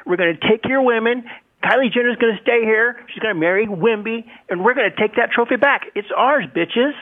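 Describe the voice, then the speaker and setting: Male radio caller, high voice, tinny phone line, bitter trash talk. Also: a little fast.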